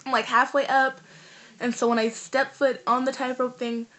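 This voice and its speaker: A teenage girl, telling a story in a casual vlog in an animated, rambling way full of fillers. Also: sits high, normal speed. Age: teens. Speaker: vlogger.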